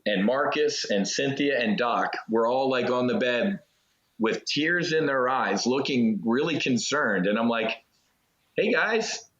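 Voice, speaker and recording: A man of middle pitch tells a personal story in an earnest, halting way, breaking off and restarting his sentences. His voice is slightly dull and lo-fi. It carries a roomy echo. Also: a bit bright. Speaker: interview guest, former Navy fighter pilot. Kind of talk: casual interview storytelling.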